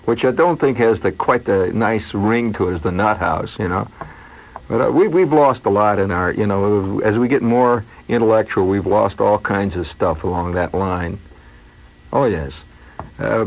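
A man with a lowish voice spins a meandering, wry comic monologue, wandering from aside to aside. The sound is a dull, lo-fi radio broadcast. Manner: wry, digressive storytelling with many asides. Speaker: radio host.

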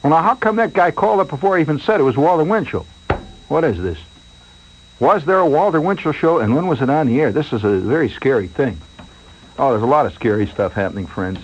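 Rambling, animated male radio host. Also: fairly high pitch, fairly quick, dull audio, slight background noise. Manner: rambling, animated, mock-anxious storytelling. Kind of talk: late-night radio monologue.

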